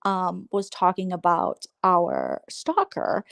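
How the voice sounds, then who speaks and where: A woman hosts a casual late-night livestream, rambling, sarcastic and gossipy, mocking others by mimicking them in high, squeaky voices. She speaks slowly with vocal fry, her pitch swooping wildly and her tone fairly bright. The recording is dry.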